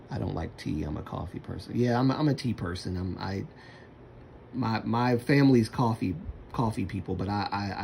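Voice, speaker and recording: Man, livestreamer, low gravelly voice, mellow tone, rambling casual chat. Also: a little hiss or hum. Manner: rambling, self-talking. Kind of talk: casual stream chat while using a computer.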